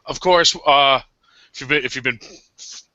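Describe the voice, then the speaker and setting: Male co-host, very bright and animated, playful overstatement, lo-fi sound. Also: medium pitch, normal speed, no echo. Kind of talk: casual banter among friends. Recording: dull lo-fi podcast audio.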